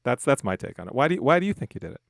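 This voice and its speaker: A man co-hosting a casual chat podcast, speculating in a thoughtful way that often trails off into quiet asides. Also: medium pitch, sing-song, very fast, creaky, no echo, studio quality. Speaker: podcast co-host.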